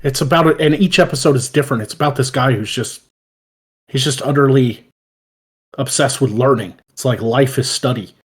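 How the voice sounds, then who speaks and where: A man hosting a casual podcast chat, swearing freely and laughing loudly as he tells stories. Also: mid-range voice, normal speed, breathy edge. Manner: profane, animated, laughs loudly while telling stories. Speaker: podcast host.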